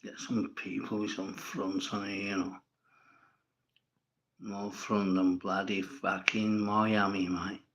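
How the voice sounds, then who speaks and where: A man's voice: on the low side, little pitch movement, slow pace, a bit bright, lo-fi sound, slight background noise. A man hosting a casual livestream, reading viewers' comments and answering them bluntly, with plenty of swearing and rambling. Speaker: livestream host.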